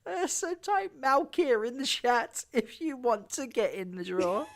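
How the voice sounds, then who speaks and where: A woman's voice: mid-range voice, expressive, moderate pace, few pauses. Giggly woman hosting a panel chat. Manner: giggly, laughs often, stumbles through sentences. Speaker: host of a fan talk show.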